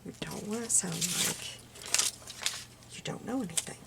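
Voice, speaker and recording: Woman doing a strict old grandmother, prim, scolding, low gravelly voice, noisy recording. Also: normal speed. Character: strict older grandmother correcting speech.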